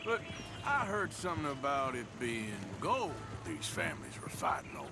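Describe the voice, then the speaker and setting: An actor playing a dry, laconic outlaw gunslinger in a western game. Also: male voice, a little high, huge pitch swings, takes it slowly, background noise, exaggerated voice. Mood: wry. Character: dry, weary middle-aged outlaw gunslinger.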